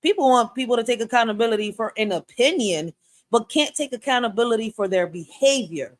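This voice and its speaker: A woman on her own live stream, talking bluntly and with emphatic force, now and then breaking into loud outbursts. Her voice sits fairly high and sounds close and dry, with no room echo. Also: expressive, brisk. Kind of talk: passionate live-stream commentary.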